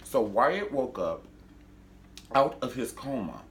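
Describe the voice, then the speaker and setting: A man's voice: mid-range voice, very animated, slow, slight background noise. A man from Cleveland, Ohio, recapping a TV drama in a casual, gossipy vlog with dramatic asides. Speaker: TV show reviewer.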